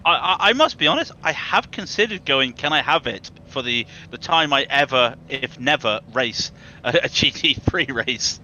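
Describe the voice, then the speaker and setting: A man's voice: medium pitch, lively intonation, moderate pace, pushed and bright, lo-fi sound, a little hiss or hum. A man commentating a sim race broadcast in a chatty, jokey way, laughing easily.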